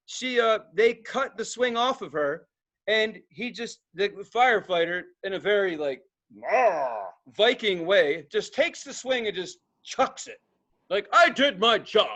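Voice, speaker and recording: A young man with a high, bright voice spins rowdy stories on a podcast. He swears freely, acts out sudden yells and laughs at his own tales in loose, casual chat. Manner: profane, animated storytelling with acted-out outbursts and laughter. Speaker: podcast co-host.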